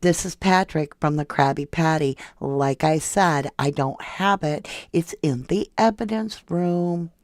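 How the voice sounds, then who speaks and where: A livestream host putting on a dopey, evasive male police witness in a singsong, higher voice, as mockery during a casual chat. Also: unhurried, few pauses, no echo, clean studio sound, close to an everyday voice. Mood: mocking, dopey. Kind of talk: mocking impression in live chat.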